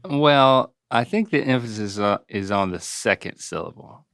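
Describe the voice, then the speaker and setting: A man's voice: medium pitch, moderate pace, vocal fry, a bit bright, clear, resonant tone. A middle-aged man hosting a casual podcast chat, teasing and acting out quoted voices. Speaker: host.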